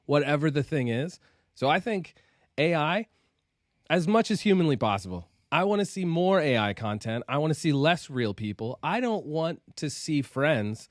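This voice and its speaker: A man's voice: fairly high pitch, animated, moderate pace, no room sound, studio quality. A man co-hosting a podcast, making provocative, sweeping claims in a casual debate. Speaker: podcast co-host.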